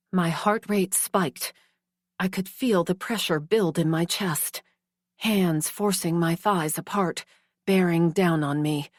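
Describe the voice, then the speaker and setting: Woman narrator, slow and dry, anguished first-person reading. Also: lowish voice, dry recording. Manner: slow, anguished, breathy at times.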